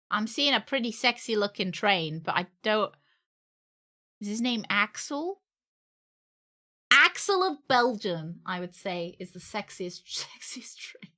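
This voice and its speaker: A woman's voice: medium pitch, bright, forceful tone. A woman streaming a video game, joking, giggling and thinking aloud as she plays. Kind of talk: casual gameplay commentary.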